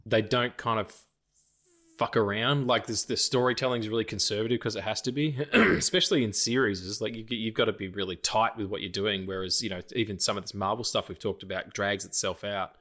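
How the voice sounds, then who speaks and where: Talking a little fast with a lowish, bright and forceful voice, a podcast co-host in his late thirties keeps the casual chat loose, full of swearing, laughs and restarted sentences.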